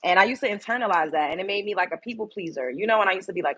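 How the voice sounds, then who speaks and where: A young Brooklyn woman hosts a casual livestream in a mid-range, husky, slightly bright voice, racing along with lively intonation. She's blunt and candid, swears freely, and greets viewers by name.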